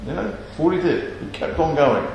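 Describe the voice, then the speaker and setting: Man, pastor, emphatic sermon, slightly high voice, heavy echo. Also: expressive, brisk, gravelly, darkish tone, slight background noise. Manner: earnest, emphatic, repetitive. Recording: very echoey hall.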